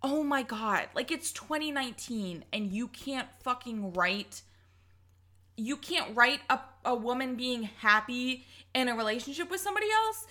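A woman's voice: on the high side, lively intonation, moderate pace, pushed and bright. A young woman co-hosting a casual podcast, ranting heatedly and swearing often. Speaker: podcast co-host.

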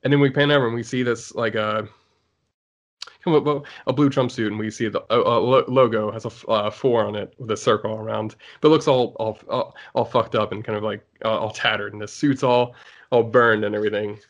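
A man's voice: lowish voice, fairly even intonation, fairly quick, dull audio. A man co-hosting a casual chat about shows, rambling with lots of fillers and restarts. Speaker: podcast co-host.

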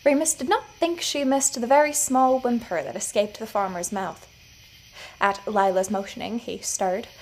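A woman narrating her own scripted audio fiction story in a measured storytelling manner. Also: medium pitch, a little hiss or hum, poor audio. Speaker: writer and narrator.

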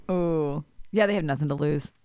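A woman co-hosting a casual podcast, reacting with quick interjections and frequent laughter. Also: low voice, dark tone, smooth, no echo. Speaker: podcast co-host. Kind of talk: casual chat.

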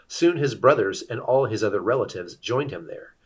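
Man reading scripture, measured. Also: fairly low pitch, animated, husky, faint music behind. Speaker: scripture reader. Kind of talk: scripted narration.

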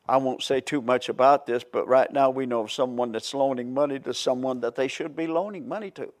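A man preaching a Bible study sermon in a folksy way, chuckling often and restarting his phrases. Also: mid-range voice.

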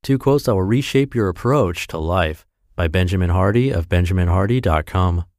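A man's voice: low voice, moderate pace, darkish tone, no echo, studio quality. A man narrating a self-help blog post for his podcast in an upbeat, emphatic reading voice.

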